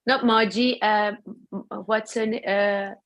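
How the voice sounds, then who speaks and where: A woman in a casual group chat who speaks in a slow, searching way and readily agrees with others. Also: medium pitch, fairly even intonation.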